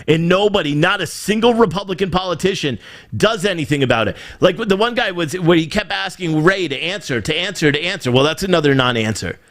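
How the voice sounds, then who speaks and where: A man's voice: high voice, expressive, a little fast, fairly bright tone. A man hosting his own livestream show, talking casually and ranting in an irritated, exasperated way, swearing now and then. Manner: angry, exasperated, swears freely.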